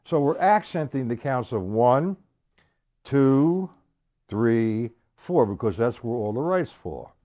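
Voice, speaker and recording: A man's voice: mid-range voice, sing-song, slow pace. A man teaching a live-streamed drum lesson, explaining accents and counting beats aloud as he plays. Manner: counts beats aloud, loud over his drumming. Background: snare drum playing.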